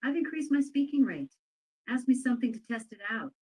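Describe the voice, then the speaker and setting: A synthetic woman's voice, pitched a little high, answers as a voice assistant. Her replies are polite, agreeable and steady. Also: a little fast, slightly rough, low-quality recording.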